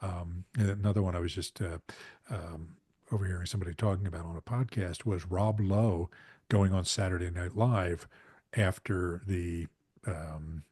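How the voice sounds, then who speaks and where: A low-pitched man co-hosting a podcast. He rambles casually and restarts his sentences, filling gaps as he goes. The recording is bone-dry and close to the mic. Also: steady tone, normal speed, a little mellow, breathy edge, dry recording. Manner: rambling, many fillers and restarts. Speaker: podcast co-host.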